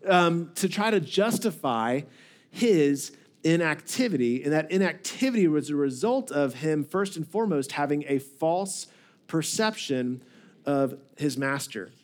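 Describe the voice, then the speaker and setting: A male pastor preaching a casual, conversational sermon with a notably high voice. He stumbles over repeated words and keeps checking in with the congregation through questions. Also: expressive, a little slow. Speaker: lead pastor.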